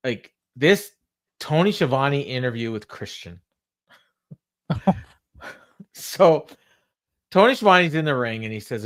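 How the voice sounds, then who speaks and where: A man's voice: mid-range voice, very animated, slow pace, pauses often, fairly bright tone. A man co-hosting a podcast, casually recapping a wrestling show, quoting the wrestlers and laughing often. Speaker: podcast co-host.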